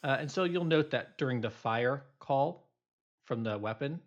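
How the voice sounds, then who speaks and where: A man's voice: mid-range voice, moderate pace. A male instructor giving a recorded programming lecture, explaining loosely with many fillers and restarts.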